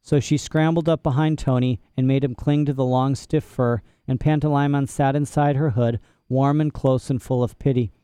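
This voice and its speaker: A man narrating an audiobook chapter in a measured, expressive reading voice. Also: mid-range voice, clear, resonant tone, dry recording, clean studio sound. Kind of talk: scripted narration.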